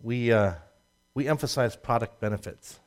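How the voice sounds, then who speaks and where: A man preaching a sermon, swinging from loud emphatic rises to low asides and laughing at his own jokes. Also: normal speed. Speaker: pastor.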